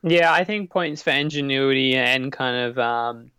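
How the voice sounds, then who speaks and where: Wry Australian man, smooth voice. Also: mid-range voice, a little slow, sharp tone, dry recording, clean studio sound. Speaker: radio co-host. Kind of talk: casual radio chat.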